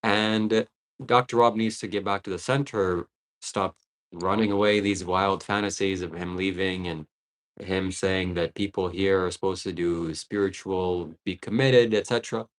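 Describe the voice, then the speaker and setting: A man's voice: sits low, steady tone, moderate pace, poor audio. A man on a livestream reading out chat messages and answering them in a laid-back, philosophical way.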